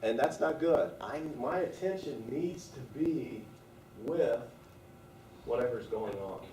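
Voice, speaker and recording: A man's voice: medium pitch, animated, takes it slowly, warm tone, recorded from a distance, a little hiss or hum. Guy teaching a training session in an echoey classroom, recorded from across the room. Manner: conversational, asks the room questions.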